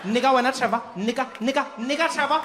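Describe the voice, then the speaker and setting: Stern mother scolding her boy, as a male comic puts her on, high and sharp, live hall. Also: fast, close to an everyday voice. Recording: long hall reverb, faint noise.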